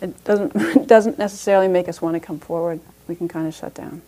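A woman's voice: lowish voice, steady tone, brisk, warm tone. A woman teaching a parenting class as a meditation teacher, talking conversationally with frequent restarts and light laughs.

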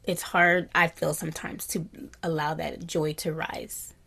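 A woman meditation teacher giving a dharma talk in a gentle, reflective way. She often drops to a soft whisper and has animated bursts of delight. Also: low voice, a little slow, vocal fry, breathy edge.

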